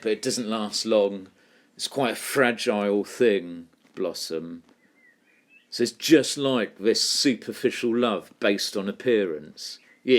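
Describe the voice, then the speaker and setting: A man teaching a poetry lesson, explaining terms and reading lines aloud slowly. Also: fairly low pitch.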